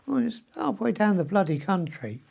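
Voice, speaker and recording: A man's voice: sits high, big pitch swings, moderate pace, vocal fry, darkish tone, husky. A man, rambling through a personal video diary with mild swearing and frequent ums, sounding weak and short of breath from illness. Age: 70s. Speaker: vlogger.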